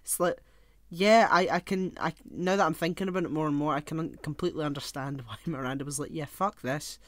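A man's voice: on the high side, steady tone, quick pace, no room sound, studio quality. A young man co-hosting a podcast in casual chat, rambling, laughing often and swearing offhandedly. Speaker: podcast co-host.

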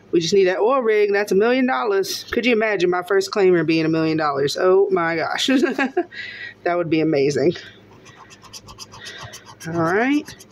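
A woman narrating casually as she scratches lottery tickets, often breaking into excited exclamations and laughter. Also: lowish voice, a little hiss or hum.

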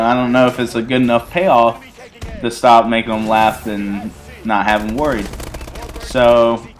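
A young man casually telling a rambling, funny personal story over gameplay, often breaking into laughter. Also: fairly low pitch. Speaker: gaming channel host.

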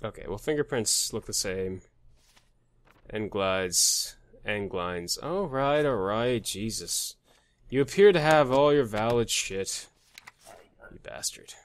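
A man's voice: lowish voice, lively intonation, slow pace, no echo. A man hosting a let's play, joking crudely and muttering names and numbers while he plays. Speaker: gaming channel host.

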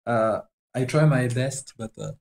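Brief: French man, mid-pitched voice, halting English with a French accent, casual live-stream chat while drawing. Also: vocal fry, darkish tone, rough recording. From France. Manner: halting and chatty, often searching for words.

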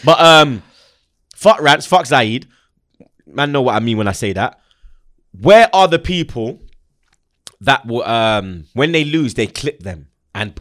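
A young man talks football in casual, animated banter. He is full of slang and swearing, and laughs freely. His mid-pitched voice is recorded close and dry. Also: moderate pace, dry recording. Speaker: football channel host.

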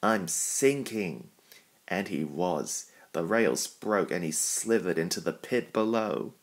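Deep, slow male storyteller. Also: expressive. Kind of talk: storybook narration.

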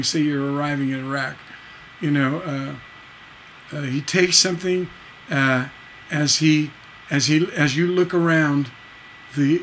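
A man's voice: on the high side, a bit bright, a little hiss or hum, low-quality recording. A man teaching songwriting on a livestream, reading lyrics and counting beats aloud, with many fillers and restarts. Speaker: songwriting instructor.

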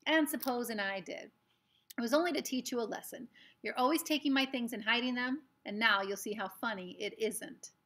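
A woman reading aloud who voices a smug older teenage brother with a calm, superior manner. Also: a little high, fairly quick.

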